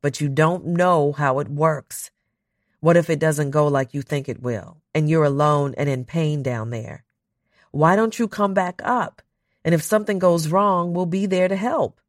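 A reader voicing a male mission controller, calm and steady. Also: on the high side, measured pace, no echo, clean studio sound, natural voice. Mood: pleading calmly.

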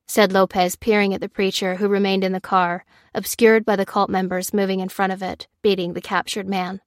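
A woman narrates an action audiobook with steady, tense storytelling. Her pitch sits mid-range. The recording is close and dry. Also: fairly quick, hardly any pauses, no room sound. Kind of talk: scripted narration.

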